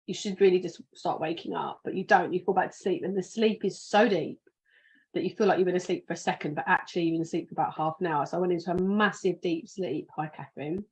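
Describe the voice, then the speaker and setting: A woman's voice: fairly low pitch, steady tone, fast, darkish tone, rough recording. Sleepy, chatty British woman podcaster. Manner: chatty, rambling, restarts sentences. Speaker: podcast host. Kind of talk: casual podcast monologue.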